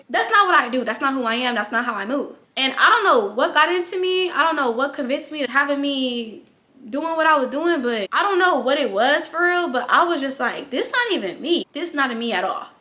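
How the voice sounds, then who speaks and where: Blunt, high-voiced woman telling a story. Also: fairly quick. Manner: animated, profane, blunt. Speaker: vlogger. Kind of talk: storytime narration.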